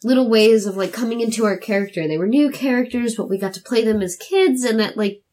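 A woman's voice: on the high side, brisk, darkish tone, slight background noise. A woman in casual chat about how a role-playing campaign began. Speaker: tabletop role-playing player.

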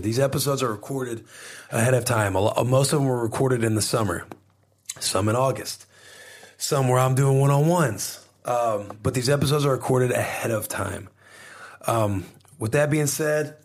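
Rambling, cursing young male podcast host. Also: lowish voice. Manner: rambling, profane, energetic. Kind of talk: casual podcast intro. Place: hotel room.

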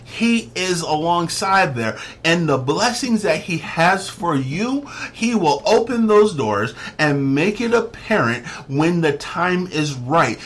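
A man's voice: a little high, big pitch swings, slow pace, hardly any pauses, a bit bright. A man preaching a devotional sermon to listeners, emphatic and fond of repeating phrases for stress. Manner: says "get this" often.

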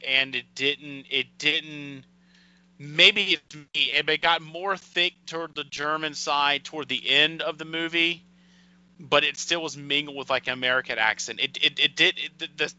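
Bright-voiced man reviewing films. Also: mid-range voice, clean tone. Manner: halting, repeats words while thinking. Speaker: podcast co-host. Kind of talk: casual film review chat. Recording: dull lo-fi podcast audio.

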